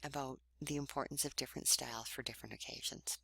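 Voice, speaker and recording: A woman, a writing instructor, giving a recorded online lecture in a conversational, explanatory way, often trailing off into breathy endings. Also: a bass voice, steady tone, quick pace, pushed and bright, no echo.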